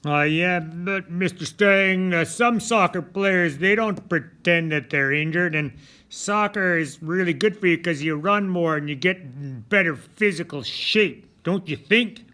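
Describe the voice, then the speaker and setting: A male teacher voicing an eager young schoolboy who argues back loudly and earnestly. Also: high voice, unhurried. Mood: objecting. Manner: loud, earnest objecting.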